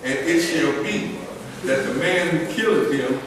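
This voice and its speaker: A man reading scripture aloud in a steady, measured way for a study group. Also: on the high side, heavy reverb, in a large hall, recorded from a distance, noisy background. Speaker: scripture reader.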